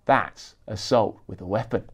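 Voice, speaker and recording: A man's voice: lowish voice, measured pace. A cocky photographer with a sneer in every word, put on by a man reading aloud. He snarls and taunts, pushing for a reaction. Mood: snarling. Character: cocky sneering male paparazzo.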